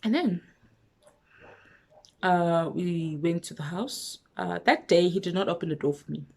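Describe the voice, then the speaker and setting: A woman with a South African accent telling a personal story on her vlog, lively, with hushed asides. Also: fairly low pitch, a little slow, creaky. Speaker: vlogger.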